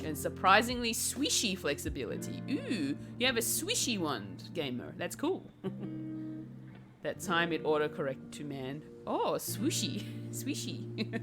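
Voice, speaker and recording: A woman's voice: medium pitch, very animated, measured pace, over music. A woman streamer chatting casually with her viewers while she paints. She reads chat messages aloud and laughs often.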